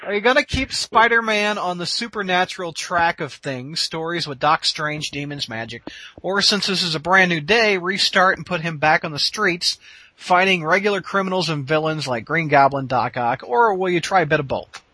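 Bright, lively-voiced male podcast host. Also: on the high side, normal speed, no echo, poor audio. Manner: jokey, laughs often, reads listener questions. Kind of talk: casual interview chat.

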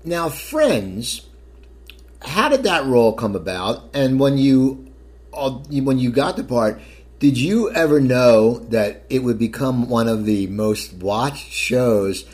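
A man's voice: mid-range voice, animated, slow, darkish tone. A man interviewing a guest, often restarting his questions.

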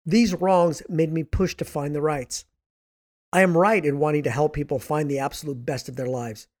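A hoarse man with a raspy voice, hosting a podcast in an earnest, emphatic scripted motivational monologue. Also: on the high side, steady tone, normal speed, a little mellow. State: hoarse from much speaking. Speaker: podcast host and author.

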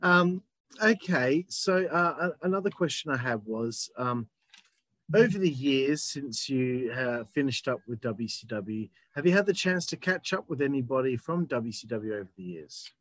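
A man hosting a casual interview, easygoing and friendly as he asks his questions. His voice is of average pitch, recorded dry and close. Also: lively intonation, moderate pace, fairly bright tone, no echo. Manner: laid-back, friendly, says bro. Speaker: podcast host, interviewer.

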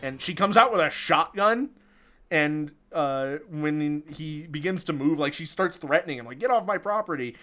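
A man with a slightly higher pitch for his sex talks through a movie's plot in relaxed podcast chat. He is chatty and amused, breaking into laughs. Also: measured pace, faint music behind. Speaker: podcast co-host recapping a film. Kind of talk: casual chat.

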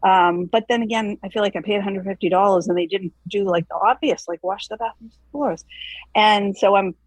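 A woman calling in with a question, out of breath, talking in a hesitant, rambling way with many pauses. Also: mid-range voice, dry recording, rough recording. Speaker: caller. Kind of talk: casual question on a call.

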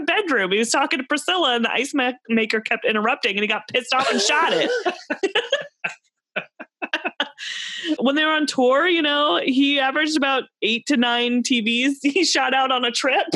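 A woman's voice: high-pitched, normal speed, bright, forceful tone, dry recording. A young woman hosting a casual chat, running a quiz and telling stories while laughing through them. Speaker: podcast host.

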